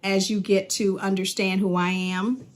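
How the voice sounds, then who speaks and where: A woman's voice: medium pitch, level tone, unhurried. Woman, fifties, speech-language pathologist, casual vlog, chatty, laughs often, mid-range voice. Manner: chatty, laughs often, addresses viewers directly. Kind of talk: casual talk to camera. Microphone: phone or device camera.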